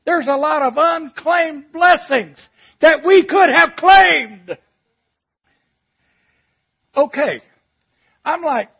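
A man preaching a sermon, shifting between shouted emphasis and quiet, reflective reading. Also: very high voice, takes it slowly, vocal fry, long pauses, dull audio.

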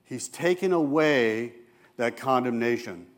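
A man preaching a sermon as a church elder, speaking earnestly and turning quiet and soft when he voices gentle quoted words. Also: medium pitch, animated, unhurried.

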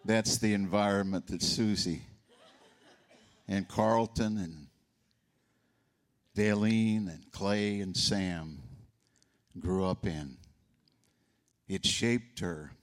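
A deep-voiced older man speaks very slowly and pauses often. It's a folksy eulogy for his sister, built on stories in which he acts out the different voices.

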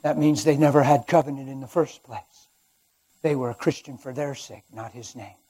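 A middle-aged man preaching, his voice husky and slightly breathy at a middling pitch. He tells his testimony dramatically, dropping to near-murmurs and then rising loud for emphasis. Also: normal speed. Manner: dramatic storytelling, swings from quiet to loud. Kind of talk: sermon testimony.

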